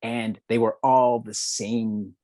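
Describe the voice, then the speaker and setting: A man's voice: lowish voice, flat delivery, takes it slowly, warm tone, no echo. A man in his thirties from New Mexico, a podcast guest reflecting earnestly on his life with frequent restarts. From New Mexico, United States. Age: 30s. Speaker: podcast guest, law student. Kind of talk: candid personal storytelling.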